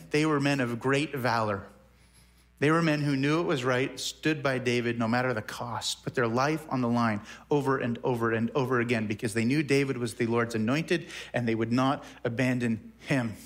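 A man preaching a sermon at a middle pitch. He talks in a conversational way, repeating words as he thinks aloud and shifting his pace between quick and slow. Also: a bit bright. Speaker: pastor.

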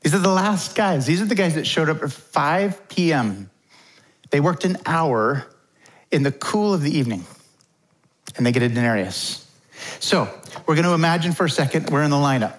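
A man's voice: fairly high pitch, expressive, moderate pace, long pauses. Middle-aged man preaching in a chatty way. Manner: informal, chatty, acts out quotes. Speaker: pastor. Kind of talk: conversational sermon.

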